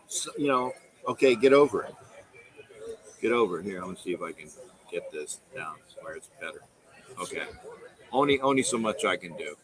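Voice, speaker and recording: A man's voice: low voice, expressive, normal speed, long pauses, rough recording. A middle-aged man hosting a casual livestream, rambling and repeating himself as he reads viewer comments and reacts to them. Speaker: host of a fan call-in livestream. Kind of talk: casual live-stream fan talk.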